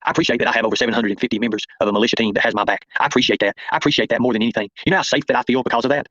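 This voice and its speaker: A man rattles off a confrontational livestream monologue at a very fast clip. His voice sits at a middling pitch, and the sound is close and dry. The audio is dull and lo-fi. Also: fairly even intonation, pushed and bright, no room sound. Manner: confrontational, addresses viewers and chat by name. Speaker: livestream host.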